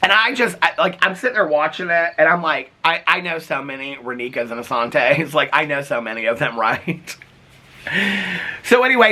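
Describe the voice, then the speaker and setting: Man, TV reaction vlogger, sassy and expressive, bright tone. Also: fairly high pitch. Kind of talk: casual chat recapping a reality show.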